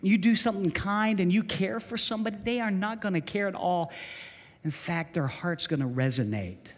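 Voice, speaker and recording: A man preaching with energy, his voice set a little higher than most men's, hammering home short repeated phrases. His words carry through a church with a long, lingering reverb. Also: normal speed. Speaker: pastor. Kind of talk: sermon. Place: church sanctuary.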